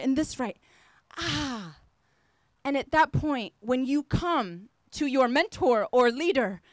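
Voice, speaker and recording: A woman's voice: high voice, a bit bright, no room sound. A woman apostle preaching a sermon, fervent and emphatic, repeating phrases as she exhorts her listeners.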